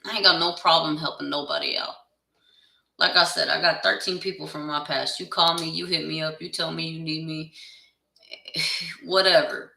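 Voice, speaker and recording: Blunt, gravelly tarot reader ranting. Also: medium pitch, steady tone, normal speed, bright, forceful tone, recorded from a distance. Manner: blunt and profane; heated, insistent. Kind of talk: casual direct-to-camera rant. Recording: echoey room, voice away from the mic.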